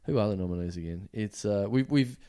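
An Australian man co-hosting a casual comedy podcast, telling stories in an animated way with plenty of swearing. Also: fairly low pitch, a little fast, clean tone. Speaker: podcast co-host.

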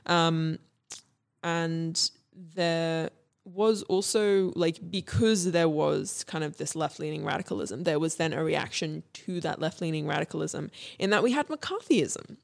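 Young woman podcast host, low-pitched and gravelly, hesitant and rambling. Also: animated, unhurried. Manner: hesitant, many ums and restarts. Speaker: podcast co-host presenting history. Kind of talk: casual history podcast chat.

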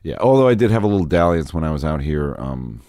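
A man's voice: very deep voice, big pitch swings, fast, dark tone, dry recording, studio quality. A man who is an actor, talking as a guest in a casual interview, telling self-deprecating stories. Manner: self-deprecating storyteller, acts out quotes.

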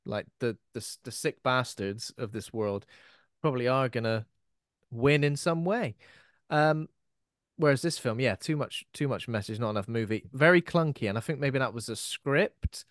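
A man's voice: medium pitch, normal speed, no echo, studio quality. A man co-hosting a podcast in casual chat, swearing freely and slipping into mocking voices. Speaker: podcast co-host.

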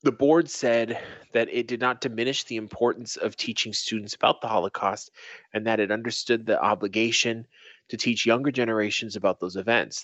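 A man's voice: on the low side, a bit bright, dry recording, highs cut off. A young man co-hosting a casual podcast, reading a news article aloud and breaking off into swearing asides. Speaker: podcast co-host.

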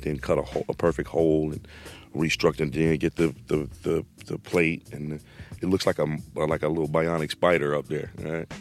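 Casting: middle-aged man, very deep voice, casual slangy storyteller, faint music bed. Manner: animated, slangy, acts out quotes. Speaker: guest telling a story.

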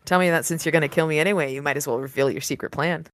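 A woman's voice: low-pitched, rapid-fire, dry recording, pitched below the performer's own voice, lightly acted. A woman voicing a sardonic male wizard who answers danger with sarcastic quips, close to her own voice.

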